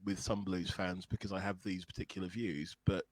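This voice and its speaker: Man, low voice, dry sound, earnest, thoughtful guest musician. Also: fairly even intonation, fairly quick, no echo, poor audio. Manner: earnest, thoughtful, searching for words. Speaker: guest songwriter and blues musician. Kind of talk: reflective conversation.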